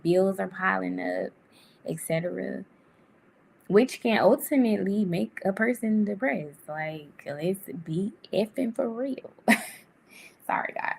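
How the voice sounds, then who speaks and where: A woman vlogger talking casually to camera with life advice, chatty and animated, laughing often and jumping up in pitch. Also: takes it slowly, vocal fry, a little hiss or hum. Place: indoor room.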